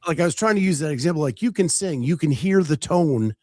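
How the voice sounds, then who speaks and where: A man's voice: on the high side, animated, fast talker, a little mellow, dry recording, clean studio sound. A man hosting a casual talk show, chatting loosely with plenty of fillers and restarts. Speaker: podcast host. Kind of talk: casual chat.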